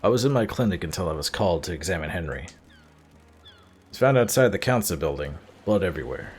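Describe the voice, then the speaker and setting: A man's voice: low voice, expressive, brisk, a little mellow, slightly rough, faint music behind. A man reading a blunt, guarded male doctor's game dialogue aloud in an attempted Scottish accent. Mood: curt. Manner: blunt, clipped delivery. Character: gruff male island doctor, curt and guarded.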